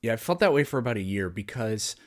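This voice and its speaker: A man's voice: on the low side, big pitch swings, fast talker. A man co-hosting a podcast, chatting casually and with amusement, often trailing off and restarting his sentences. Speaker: podcast co-host. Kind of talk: casual chat.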